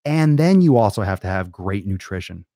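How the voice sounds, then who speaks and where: A man's voice: on the low side, very animated, normal speed, dark tone, dry recording, clean studio sound. A man ranting in a blunt, profane way, sometimes mocking whiny excuses in a silly voice. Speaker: fitness vlogger. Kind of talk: profane motivational rant.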